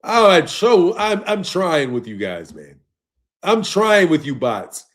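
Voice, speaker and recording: High and sing-song, his voice moves slowly. The young boxing channel host laughs and swears through his live stream, exasperated as he argues back at viewers' comments.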